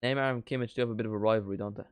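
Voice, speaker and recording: Excitable young man commentating live. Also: on the low side, very fast, clean tone, dry recording. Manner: excitable, shouts at big moments, chats to stream viewers. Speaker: watchalong streamer. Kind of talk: live football watchalong commentary.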